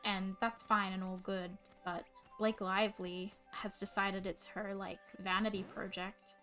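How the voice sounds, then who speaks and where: A woman's voice: mid-range voice, flat delivery, unhurried, fairly bright tone. Rambling young woman streamer chatting. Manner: rambling, filler-heavy with many restarts. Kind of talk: casual chat. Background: faint music.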